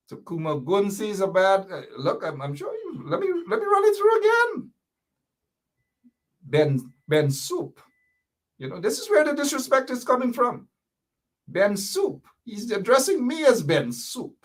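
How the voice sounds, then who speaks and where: A fiery Guyanese man delivers a political commentary monologue in a high voice that swoops up and down. He speaks indignantly as host and repeats his points with pointed rhetorical questions.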